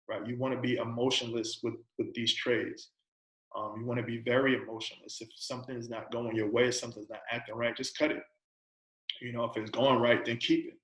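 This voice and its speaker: Man presenting a casual trading lesson, flat delivery, keeps asking "right?", slightly echoey room. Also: medium pitch. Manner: conversational, repeats "right?" and "you know"; asks a string of coaching questions.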